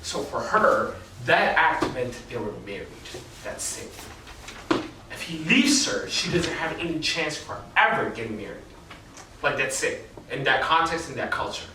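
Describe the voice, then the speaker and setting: A man's voice: fairly high pitch, very animated, unhurried, noisy background. A young man preaching a casual sermon in a chatty way full of fillers and slang, recorded in a church hall away from the mic. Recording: echoey hall from far off.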